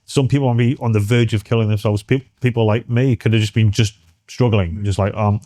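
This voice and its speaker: Earnest British man, dark low voice. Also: fairly even intonation, no room sound, studio quality. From United Kingdom. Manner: halting, many restarts, earnest. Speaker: interview guest. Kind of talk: candid personal interview.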